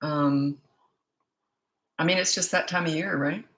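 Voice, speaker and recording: A Canadian woman hosts a live-stream parenting Q&A on her own microphone. Her voice sits a little low, and she talks in a chatty, frank way. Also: fairly even intonation, unhurried, fairly bright tone, slight background noise, rough recording. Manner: chatty and frank, greeting viewers by place. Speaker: parenting coach. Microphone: own set-up microphone.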